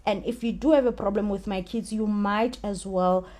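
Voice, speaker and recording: A woman's voice: mid-range voice, steady tone, normal speed, a little mellow, close to an everyday voice. A woman with a South African accent voicing an arrogant, aggressive man who bullies his family with repeated taunts. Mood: accusing. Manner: scornful, repetitive taunting.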